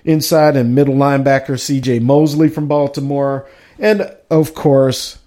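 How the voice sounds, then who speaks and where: Guy running his own sports podcast, rattling off a roster and chatting in between, average pitch. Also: measured pace, dark tone. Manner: reads out a list with running asides. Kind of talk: casual live sports talk.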